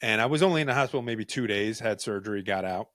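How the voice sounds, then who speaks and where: A young man hosting a podcast, telling a story in a casual, animated, profane, jokey way. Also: on the low side, fast, no room sound, clean studio sound. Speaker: podcast host.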